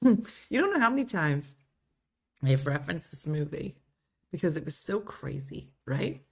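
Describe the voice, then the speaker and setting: Casting a giggly, chatty woman host with a lower voice and a lot of swing in her pitch. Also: sing-song, unhurried, creaky, husky. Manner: giggly, chatty, breaks into playful put-on voices. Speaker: show host. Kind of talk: casual live chat reading viewer comments.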